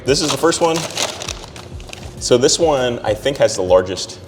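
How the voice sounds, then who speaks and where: A man co-hosting a climbing video, thinking aloud in a relaxed, casual chat. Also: mid-range voice, measured pace, long reverb tail, over music. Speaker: climbing channel co-host.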